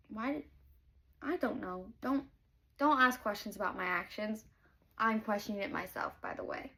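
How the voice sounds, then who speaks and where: A woman's voice: mid-range voice, big pitch swings, normal speed, gravelly, bright, forceful tone. A young woman vlogging about a book as she reads it, chatty, candid and gushing. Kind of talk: casual chat while reading aloud.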